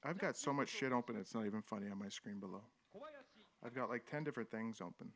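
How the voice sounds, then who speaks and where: A man's voice: fairly low pitch, fast, fairly bright tone. A man hosting a live stream, casually commenting on old footage and reading chat aloud in an irreverent, rambling way. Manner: irreverent, rambling, chuckles often.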